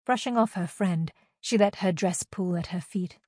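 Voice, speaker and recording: A woman narrating a novel as an audiobook in a steady, even reading voice. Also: lowish voice, normal speed, no room sound, studio quality.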